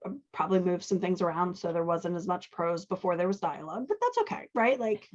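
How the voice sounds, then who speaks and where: Her voice is on the low side, expressive and brisk, caught in a muffled recording. She's a show host and dialogue editor, casually teaching dialogue as she edits a manuscript and thinking aloud with a frequent "right?"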